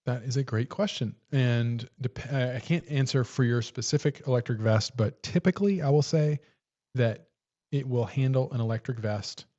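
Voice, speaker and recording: A man hosting a casual livestream, answering viewer questions in a relaxed way with many fillers and restarts. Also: mid-range voice, normal speed, lo-fi sound. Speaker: livestream host.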